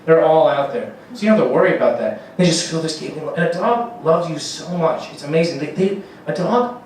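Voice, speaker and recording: A stand-up comedian with a slightly high, darkish voice runs through a rambling, profane set, laughing at his own jokes. He's expressive and a little fast but far from the mic, so the room echo is heavy, with a faint ambient hum beneath.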